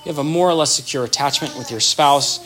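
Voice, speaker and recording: A man giving an earnest, animated explanatory talk on attachment in relationships, acting out example dialogue as he goes. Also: a little high, fast talker, faint music behind.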